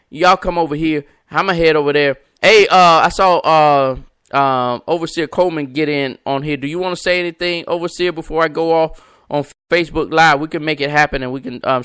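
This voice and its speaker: A man with a bright, forceful voice, a little higher than most, hosts a live call-in show with the repeating cadence of a preacher. His clear, smooth voice sits in a dry, close recording. He calls out to his listeners by name. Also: no echo. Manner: emphatic, repetitive, preacher-like cadence; talks to viewers and callers by name. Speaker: podcast host. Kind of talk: live-stream preaching talk.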